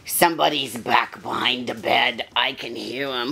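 An older woman who breeds dogs, chatting casually to her puppies in a high sing-song baby voice. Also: steady tone, measured pace, creaky, few pauses, sharp tone, husky. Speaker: dog breeder talking to puppies. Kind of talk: casual vlog talking to puppies.

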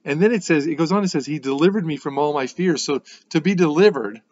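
A man's voice: fairly high pitch, fast, darkish tone, muffled recording. A man teaching a casual Bible devotional in a conversational, reflective way, often checking in with a "right?". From United States. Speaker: host giving a Bible devotional.

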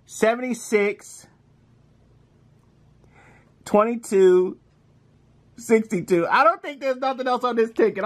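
A man, commenting casually as he scratches lottery tickets, reading numbers aloud in slang and breaking into excited shouts. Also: extremely high pitch, slow, long pauses.

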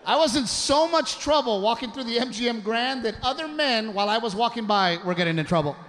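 A man performing a crude, self-mocking stand-up routine on a comedy club stage, telling an animated story. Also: extremely high pitch, brisk, big-room sound. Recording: live club recording with audible background noise.

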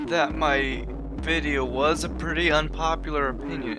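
A man's voice: on the high side, fairly even intonation, a little slow, few pauses. A man giving a sarcastic, profane comedic commentary as a video essayist. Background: music.

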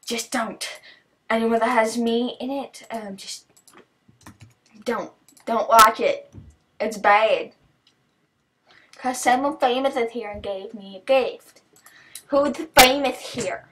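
A teenage girl chatting casually as she opens gifts, excitable, gasping and thanking over and over. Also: on the high side, takes it slowly, pauses often. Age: teens. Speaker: vlogger opening gifts. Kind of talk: casual chat.

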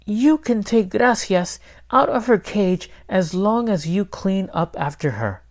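A man voicing a practical, bossy grandmother in a high, strained voice that scolds briskly. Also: expressive.

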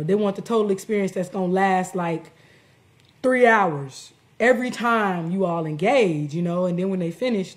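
Blunt, candid woman hosting a livestream. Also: on the low side. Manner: candid and blunt, lots of fillers and restarts. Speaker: host. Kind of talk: casual livestream talk.

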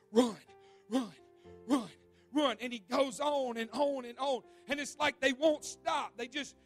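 A male pastor preaching an evening sermon in a church, telling a vivid story with repeated words and swinging from loud to hushed. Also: very high-pitched. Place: church sanctuary.

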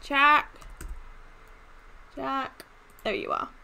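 A woman giving casual gaming commentary as she opens in-game chests, gushing and excitable. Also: high-pitched, very slow, gravelly, a little hiss or hum. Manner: excitable, gushing, squeals with delight. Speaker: gaming YouTuber.

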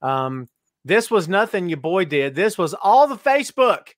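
Brief: middle-aged male host, playful teasing patter, lively high voice, dry close mic. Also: a little slow, no echo. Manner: jokey, teasing, greets viewers by name. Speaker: podcast host. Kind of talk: live-stream wrestling podcast chat. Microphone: webcam live stream.

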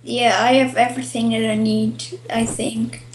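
A woman's voice: fairly high pitch, level tone, normal speed, a little hiss or hum. A woman playing a card game as a guest, answering in short, smug, dry lines during casual banter. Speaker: guest player. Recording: roomy echo.

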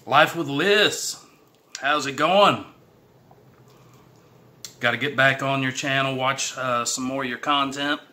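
A middle-aged Texan man with a Southern accent talks straight to the camera in a relaxed vlog. His speech is slow and unhurried, with a very bright, forward tone, and a folksy, self-encouraging way of talking. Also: medium pitch. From Texas. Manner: chatty, folksy, hyping himself up. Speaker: YouTube creator. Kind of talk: casual eating challenge vlog.

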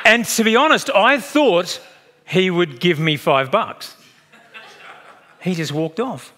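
A man's voice: sits high, takes it slowly. A man in his fifties with an Australian accent, a pastor preaching a sermon and telling chatty stories with laughs along the way. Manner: storytelling, animated and chatty, laughs at own stories.

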